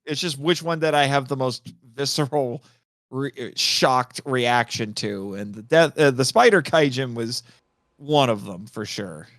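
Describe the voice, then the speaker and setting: A man talking as a podcast guest in casual chat, excitable, laughing often and changing his mind mid-thought. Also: mid-range voice, unhurried, no echo, clean studio sound.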